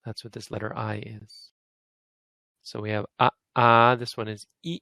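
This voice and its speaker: Male online tutor, crisp gravelly tone, drills short and long vowels patiently. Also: lowish voice, little pitch movement, normal speed, sharp tone, no room sound, rough recording. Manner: patient, repeats vowel sounds aloud for students to copy. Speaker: Pali teacher. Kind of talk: online language lesson, demonstrating pronunciation.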